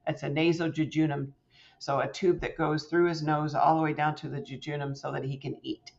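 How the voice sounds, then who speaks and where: A middle-aged woman, a podcast guest, telling a personal story in an animated way and acting out quoted voices with big jumps in pitch. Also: fairly quick, creaky. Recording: slightly muffled lo-fi sound.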